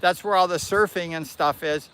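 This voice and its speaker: A man hosting a livestream, casually telling a long personal story in an animated, rambling way and correcting himself as he goes. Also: high voice, normal speed, clear, resonant tone. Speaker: livestream host.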